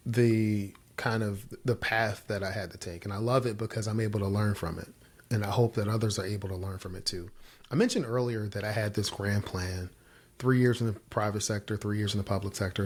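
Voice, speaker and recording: A man in his forties, a podcast guest telling his own story and jumping high in pitch when he acts out his past self. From Virginia, US. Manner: animated storyteller, jumps high when quoting himself. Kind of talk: storytelling interview answers.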